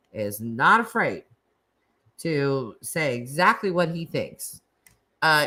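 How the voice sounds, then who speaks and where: A woman's voice: deep voice, fairly bright tone, low-quality recording. A middle-aged woman, hosting a casual live chat with callers, chatty, laughing often and restarting her sentences. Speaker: live stream host.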